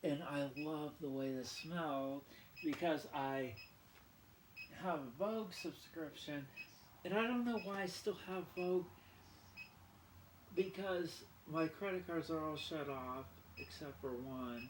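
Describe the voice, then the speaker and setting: A man talks at an unhurried pace in a loose, playful vlog ramble, poking fun at himself. His voice sits a little high for a man. The room rings around him, and there is steady background noise. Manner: rambling, playful, self-mocking, repeats words aloud to practise them. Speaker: vlogger. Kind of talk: casual vlog chat. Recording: roomy sound with clear background noise.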